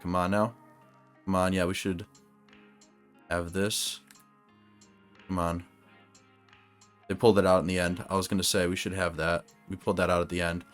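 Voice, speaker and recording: A young man commenting on his own basketball video game, talking to the players on screen and shouting when the plays go his way. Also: low voice, flat delivery, moderate pace, long pauses, faint music behind. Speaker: gaming YouTuber.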